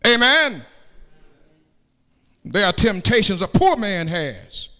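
High, bright-voiced fervent preacher. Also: male voice, big pitch swings, takes it slowly. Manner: fervent, swinging into shouted, sung cadences; calls out to the congregation for response. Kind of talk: sermon. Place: church sanctuary. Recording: long hall reverb.

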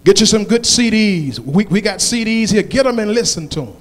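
A male pastor preaching a sermon with call-and-response, building to shouted climaxes. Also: sits high, lively intonation, brisk, long reverb tail.

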